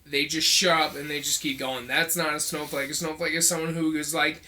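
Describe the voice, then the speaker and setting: A man co-hosting a podcast, chatting casually, blunt and quick to laugh. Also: fairly high pitch, level tone, pushed and bright. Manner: easygoing, laughs often, blunt opinions. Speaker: podcast co-host. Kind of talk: casual chat.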